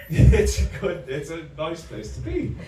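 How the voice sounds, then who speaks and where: A man doing a rambling, profane stand-up comedy set, stalling often with halting fillers. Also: a little high, warm tone, slight background noise. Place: comedy club room. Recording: echoey room, distant mic, faint ambience.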